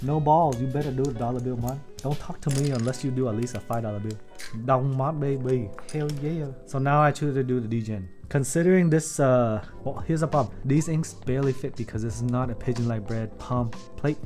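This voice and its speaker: A man giving casual, joking livestream commentary as he builds a keyboard, excitable and swearing often while talking to his viewers. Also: medium pitch, fairly quick, soft background music. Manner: excitable, profane, joking, talks to chat.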